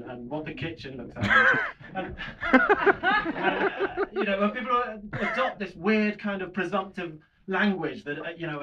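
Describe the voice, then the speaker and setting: A fairly high-voiced man gives a shy stand-up set on a small comedy bar stage, halting, self-deprecating, and restarting as he goes. The background is noisy in this lo-fi club recording with audience laughter.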